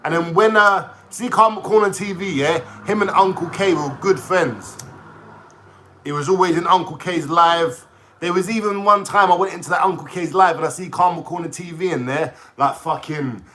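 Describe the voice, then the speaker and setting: A man ranting casually on a livestream, swearing and talking in an excitable way. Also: sits high, normal speed. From London.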